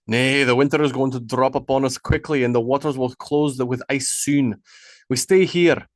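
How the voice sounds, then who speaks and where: A man voicing a gruff, commanding Viking war leader with firm, slightly archaic speech in an audiobook. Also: mid-range voice, steady tone, moderate pace, no room sound, clean studio sound, natural voice. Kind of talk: audiobook character voice.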